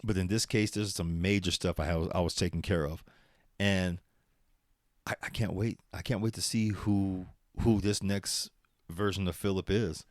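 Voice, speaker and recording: This podcast host has a low voice with fairly even intonation, speaking at a moderate pace on a dry, studio-quality recording. Alone on the mic, he wanders profanely from topic to topic, laughing often and now and then slipping into motivational encouragement.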